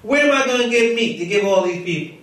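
An exasperated, griping Moses, as a man acts him out, loud and incredulous in everyday slang. The voice sits well above his normal register. The sound carries a heavy room echo from a distant mic. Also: high voice, expressive, fast talker, voice pushed up. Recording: echoey room, mic far off.

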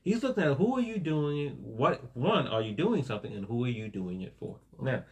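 This pastor's sermon moves briskly, his medium-pitched voice carrying a sing-song lilt. He talks casually, checking in with "right?" often and laughing together with his listeners.

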